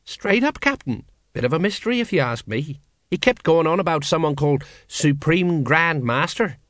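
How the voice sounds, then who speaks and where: A man's voice: on the high side, animated, normal speed, fairly bright tone, dry recording, studio quality, voice pushed up. A man reading an audiobook, voicing a sheepish, evasive middle-aged watch sergeant who talks colloquially.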